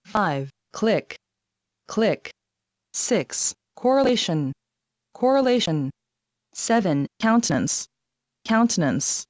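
A woman reading a vocabulary list aloud, giving each numbered word and then repeating it at an even, deliberate rhythm. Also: medium pitch, dry recording. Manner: reads each word twice, evenly paced. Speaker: vocabulary reader.

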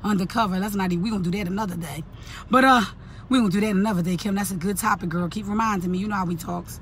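A woman's voice: medium pitch, very fast, a little hiss or hum. Cussing Philly woman ranting through a cold. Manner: animated, cussing, laughing at her own story. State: stuffy from an allergy cold. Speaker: vlogger with a daily segment. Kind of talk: profane, ranting storytime monologue.

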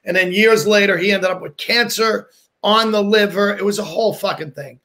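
A man's voice: high-pitched, normal speed, bright, forceful tone. A man in a casual chat, telling a story animatedly and acting out quotes, with some swearing. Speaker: comedian guest.

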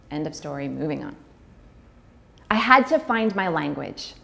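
A woman giving a personal talk, speaking candidly and heartfelt with fillers, sometimes breaking into quick, acted-out dialogue. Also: sits low, sing-song, gravelly, bright, forceful tone. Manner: acts out dialogue in quick bursts. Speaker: speaker on pregnancy loss.

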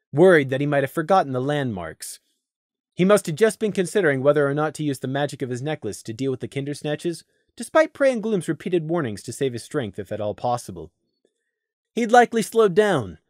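A man narrating a story in an expressive, animated read, recorded close to the mic. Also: a little high, dry recording. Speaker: audiobook narrator.

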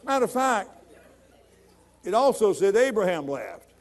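A middle-aged man preaching a sermon in a church, folksy and conversational, building to loud emphatic points. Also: high voice, big pitch swings, a little slow, a faint crowd. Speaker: pastor.

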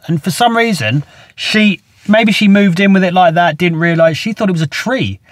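A man's voice: sits high, normal speed, no room sound, studio quality. A middle-aged man, telling a gardening story in a chatty, rambling, self-mocking way with frequent laughs. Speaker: gardener telling work stories. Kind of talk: casual storytelling.

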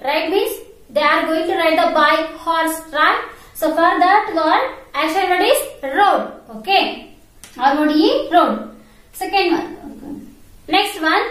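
A woman teaches young children English in an online class, spelling each word letter by letter and then saying it again. Her voice sits very high. The whole recording rings with strong room echo. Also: a bit bright. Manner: spells words letter by letter, repeats pronunciation. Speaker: primary school English teacher. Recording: very echoey room.

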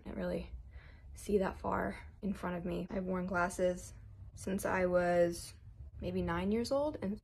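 A young woman in her twenties chatting nervously and self-deprecatingly while doing her makeup for a casual vlog. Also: lowish voice. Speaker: model doing a makeup tutorial. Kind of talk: casual rambling vlog chat.

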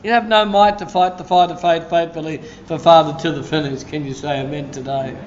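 A man preaching a sermon as a pastor, telling stories with a lively delivery and breaking into shouts of praise. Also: a little high, fairly quick.

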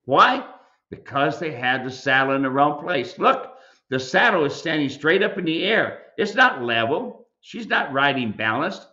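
A man's voice: on the high side, very animated, measured pace, sharp tone, muffled recording. A man who owns a mule ranch, hosting a live Q&A and lecturing viewers in an emphatic, folksy way. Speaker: mule ranch owner and show host. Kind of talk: live video Q&A commentary.

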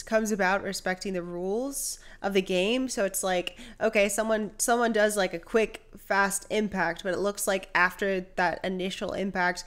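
Excitable young woman reacting on camera. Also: medium pitch, smooth. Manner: excitable, thinks aloud with frequent exclamations. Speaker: reaction video host. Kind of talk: casual reaction commentary.

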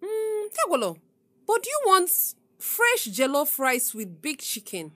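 A woman's voice: high-pitched, huge pitch swings, unhurried, sharp tone, no echo, studio quality, full character voice. Woman playing a welcoming Nigerian auntie. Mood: friendly. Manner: friendly, coaxing. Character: hospitable female neighbour auntie. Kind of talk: comedy skit acting.

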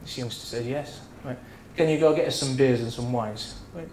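A man in his thirties spins bawdy after-dinner anecdotes, swearing freely and acting out the people in his stories. His voice sits at a middling pitch. It rings around a roomy function hall over a faint murmur of ambience. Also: moderate pace, a little mellow, a little hiss or hum. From England. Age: 30s.

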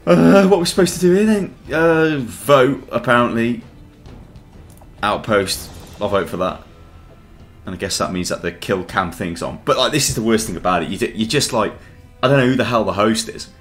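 A man's voice: medium pitch, normal speed, pauses often, faint music behind. A young man giving sweary, grumbling commentary over his own gameplay. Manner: grumbling, swearing, laughing at the game. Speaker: gaming channel host.

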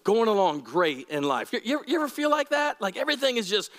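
High-voiced male pastor in an echoey hall. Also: brisk. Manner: conversational, animated, asks the congregation questions. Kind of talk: sermon. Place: church.

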